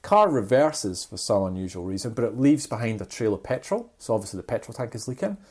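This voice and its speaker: This co-host has a fairly low, breathy voice and a quick pace. Chatting casually on the podcast, he tells his stories with energy and plays the parts of the people in them.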